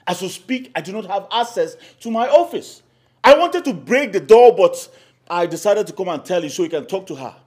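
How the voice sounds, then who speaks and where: A man's voice: high voice, a little fast, darkish tone, lightly acted. A man playing aggrieved uncle Frank. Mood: complaining. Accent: Nigerian. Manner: complaining, wounded. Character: aggrieved middle-aged uncle Frank, company manager.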